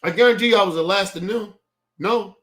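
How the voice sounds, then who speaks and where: A young man holds forth on his stream in a heated, profane rant. He circles back and repeats his points, and his voice sits a little higher than most men's. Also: brisk, fairly bright tone. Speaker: streaming show host. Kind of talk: casual rant to a stream audience.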